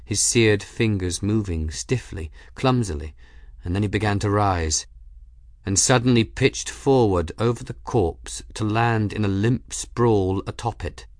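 A man reading a novel aloud as narrator, steady and measured. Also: on the low side, no room sound, clean studio sound. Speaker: audiobook narrator. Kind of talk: scripted narration.

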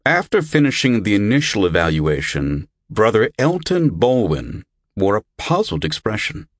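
Deep-voiced male audiobook narrator. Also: moderate pace, few pauses, dry recording, clean studio sound. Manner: expressive storytelling.

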